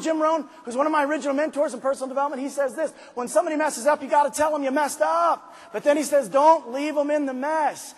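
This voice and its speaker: Motivational guy on stage, high husky voice, big echoey arena, goes quiet then yells. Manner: swings from quiet intimate asides to shouted, drawn-out emphasis. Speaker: motivational speaker. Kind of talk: motivational speech to a large arena crowd. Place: large arena. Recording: live speech with long hall reverb.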